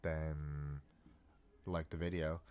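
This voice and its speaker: A man's voice: extremely low pitch, little pitch movement, slow, darkish tone, smooth. A young man telling a story casually, rambling and joking at his own expense. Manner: rambling, jokey, self-mocking asides. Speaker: storytime vlogger.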